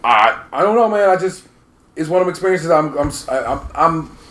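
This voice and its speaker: A man hosting a podcast, telling road-trip stories in casual, animated chat and swearing freely. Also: on the high side, moderate pace. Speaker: podcast host. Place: living room studio. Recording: roomy living room echo.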